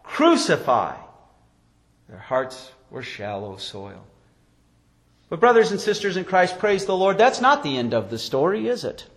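Higher-voiced preaching man. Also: sing-song, moderate pace. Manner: storytelling preacher, acts out quotes, rises and drops sharply. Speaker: pastor. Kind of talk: sermon.

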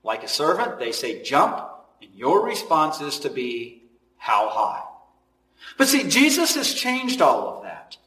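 High, lively-voiced preacher in an echoey room. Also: male voice, normal speed, distant mic. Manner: dramatic swings between loud and hushed delivery. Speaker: pastor. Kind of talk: sermon.

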